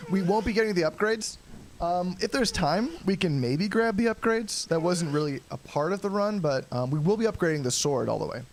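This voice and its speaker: A young man casually commenting on his own gameplay during a live stream, rambling and chatty, often clearing his throat. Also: on the high side. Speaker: game streamer. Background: game music.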